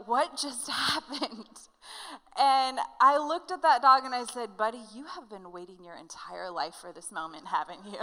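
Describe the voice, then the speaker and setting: A woman pastor preaching a sermon to her congregation, telling a personal story in an animated, conversational way. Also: high-pitched, clear, resonant tone, long reverb tail, poor audio. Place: church hall.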